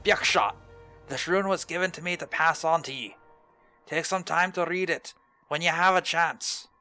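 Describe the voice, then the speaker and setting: A man voicing a gruff male dwarf quest-giver in a clumsy put-on Scottish accent, reading in a brusque, booming way. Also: normal speed, bright, forceful tone, faint music behind. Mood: hearty. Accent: Scottish, put on badly.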